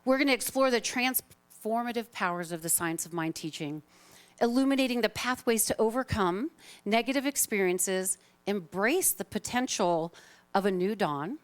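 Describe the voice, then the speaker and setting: A woman minister giving a live Sunday talk to her congregation in a chatty, informal, self-deprecating way. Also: medium pitch. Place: spiritual center sanctuary, live congregation.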